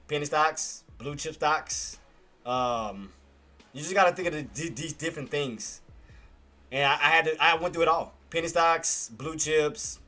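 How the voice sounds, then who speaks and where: Chatty trader man, bright voice. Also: on the high side. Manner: laughing often, chatty and candid; slangy casual speech. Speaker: stock trading streamer. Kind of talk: casual talk to viewers.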